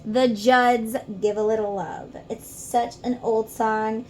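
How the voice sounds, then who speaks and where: A woman's voice: fairly high pitch, flat delivery, takes it slowly, a little mellow, a little hiss or hum. Earnest middle-aged woman reading tarot. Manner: earnest, heartfelt, addresses the listener directly. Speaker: tarot reader. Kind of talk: casual spoken tarot reading.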